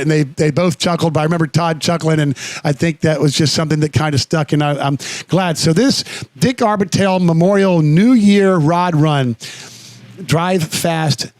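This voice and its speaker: A man's voice: on the high side, dry recording. A man co-hosting a radio show in casual chat, earnest and rambling, with frequent restarts and the odd blunt swear word. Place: Florida radio studio.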